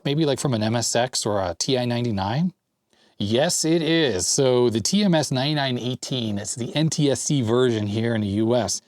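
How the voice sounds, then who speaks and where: A Canadian man in his forties, hosting from his basement workshop, chats enthusiastically while unboxing vintage parts from mail call and drifting into tech tangents. The medium-pitched voice is captured in a dry, studio-quality recording.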